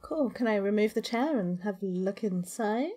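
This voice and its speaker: A woman at a tabletop game, eagerly asking questions and declaring her character's moves. Her voice sits mid-range in pitch. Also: animated, normal speed, mellow, husky. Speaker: player. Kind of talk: casual tabletop play.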